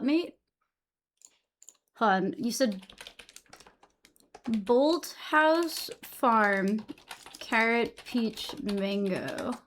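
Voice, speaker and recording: Young woman streamer with a high voice, from Massachusetts; loose, chatty, swears freely while answering her chat. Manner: chatty, swears casually, reacts to chat messages.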